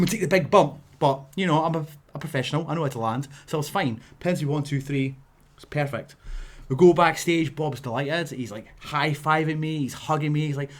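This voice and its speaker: A Scottish man, a wrestler, telling a story in a casual vlog, animated and laughing, with punchy sound effects. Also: a little high, a little fast.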